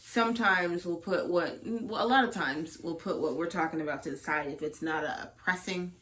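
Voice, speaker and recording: A young woman co-hosting a relaxed conversation, with a voice a touch lower than most. She teases playfully and tells lively stories. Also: moderate pace. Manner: playful, teasing, storytelling. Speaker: podcast co-host. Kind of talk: casual chat.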